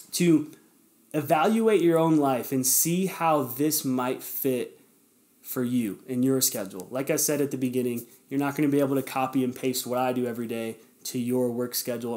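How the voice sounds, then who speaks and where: On his podcast, a man with a medium-pitched, slightly mellow voice offers relaxed, sincere encouragement, addressing his audience directly. His motivational talk is conversational, sprinkled with fillers and moments where he corrects himself.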